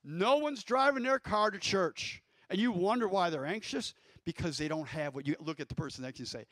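Excited high-pitched preacher man. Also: a little fast, few pauses, no echo. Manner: excitable, shouting bursts, congregation call-and-response. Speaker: guest preacher. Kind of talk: sermon.

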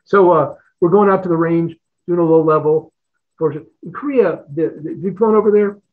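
A man's voice: on the high side, a little fast. A middle-aged man telling stories as an interview guest, rambling, repeating words and chuckling often. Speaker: guest, retired fighter pilot. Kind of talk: casual storytelling in an interview. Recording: tinny phone-like line.

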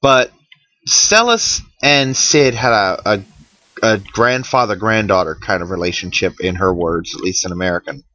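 A man's voice: on the low side, lively intonation, normal speed, bright, forceful tone, no room sound, lo-fi sound. A man giving casual, wry commentary over a game he is playing, sounding worn out. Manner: chatty, wry, tired and yawning. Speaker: let's play commentator.

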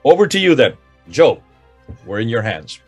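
A man's voice: mid-range voice, big pitch swings, normal speed, a little mellow, slightly rough, faint music behind. A man hosting a recorded discussion, introducing guests in a chatty, rambling way. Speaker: host.

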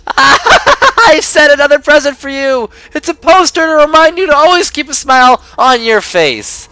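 A man's voice: extremely high pitch, very animated, a little slow, sharp tone, slight background noise, pitched above the performer's own voice, exaggerated voice. A man voicing a manically cheerful character in a sing-song, exaggerated voice. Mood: gleeful. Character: manically cheerful upbeat wake-up caller.

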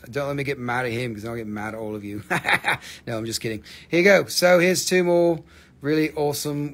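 Man cursing through a live rock sale. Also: mid-range voice. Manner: profane, animated, ranting then joking. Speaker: host selling minerals on a live stream. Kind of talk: casual live sales stream.

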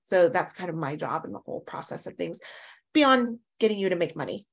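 A woman photography mentor talking casually on a panel, lively and animated when she tells stories. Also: fairly low pitch, brisk, creaky. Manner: lively storyteller, animated quotes.

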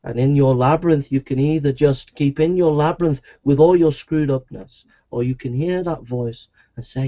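A man's voice: a little high, normal speed, hardly any pauses, mellow, highs cut off. A man preaching a sermon in an earnest, repetitive evangelistic style.

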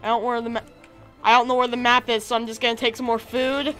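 A woman with a raspy, hoarse voice from being sick, giving chatty let's-play commentary, thinking aloud and bursting into excited cheers. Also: a little high, fast talker, faint music behind. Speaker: gaming video creator.

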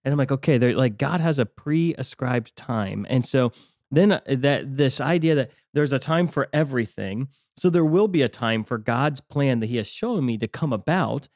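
A man's voice: medium pitch, expressive, normal speed, a little mellow, dry recording. A man co-hosting a faith podcast, talking reflectively with many fillers and restarts. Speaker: podcast co-host, ministry leader. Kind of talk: casual faith discussion.

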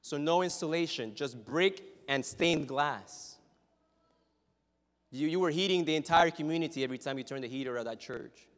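A male pastor preaching a sermon. His delivery is dramatic and full of humorous stories, and it swings from hushed asides to loud exclamations. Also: a little high, normal speed. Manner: humorous storytelling. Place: church sanctuary. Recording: reverberant church hall.

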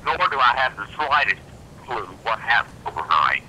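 A man's voice: mid-range voice, very animated, moderate pace, bright, forceful tone, slight background noise, low-quality recording. A man leaves a rambling, agitated phone message, distressed and confused. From Tennessee, US. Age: 60s. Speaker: caller leaving a voicemail.

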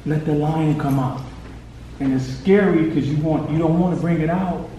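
A man's voice: fairly high pitch, moderate pace, dark tone. A man coaching a boy in a hands-on faith session, urgent and encouraging, pushing him on with short commands. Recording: echoey room, distant mic, noisy.

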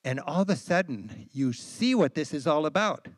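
An American man in his sixties, speaking as a travel writer at a talk event, telling travel stories with animated enthusiasm and frequent fillers. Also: on the high side, moderate pace, no echo, clean studio sound. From United States. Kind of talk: storytelling talk to an audience. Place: lecture event.

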